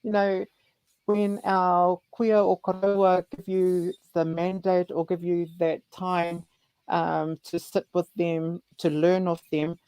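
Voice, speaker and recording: Host, New Zealand male, animated storyteller, dry recording. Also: high-pitched, slow pace, smooth, dry recording, low-quality recording. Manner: animated storyteller who acts out elders' voices. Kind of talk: casual chat.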